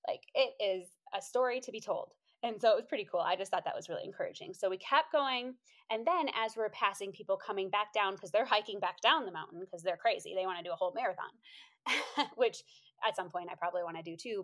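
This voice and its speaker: A woman telling a motivational story in a casual, animated way, quoting herself in high voices and laughing often. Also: fairly quick. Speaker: inspirational speaker.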